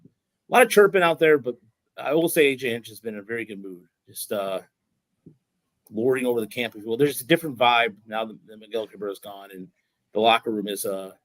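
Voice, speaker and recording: Man, sports podcast host, casual rambling chat, frequent restarts, dry close sound, mid pitch. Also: a little fast, dry recording, low-quality recording. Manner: rambling, many restarts and fillers, excited storytelling.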